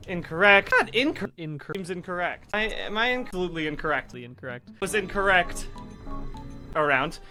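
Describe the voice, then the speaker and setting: An animated man speaks in a rapid string of chopped-up single-word clips. His delivery lurches between loud bursts and quiet mutters, set over clear background music. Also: sits high. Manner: animated, jumpy delivery shifting loud and soft. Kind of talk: rapid supercut of clipped single words.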